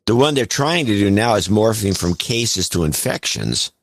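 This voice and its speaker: A man with a fairly low voice co-hosts a talk podcast, trading wry, mocking remarks. His pitch swings widely as he talks. He is recorded dry and close to the mic. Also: big pitch swings, moderate pace, dry recording. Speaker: podcast co-host. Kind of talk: casual chat.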